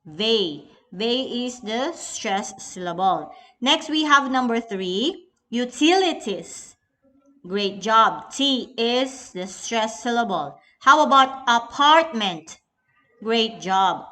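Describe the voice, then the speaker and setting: A woman's voice: on the high side, animated, slow, sharp tone. A young woman with a Filipino accent teaching an English lesson in a recorded class, patient and instructive, often addressing the class as everyone.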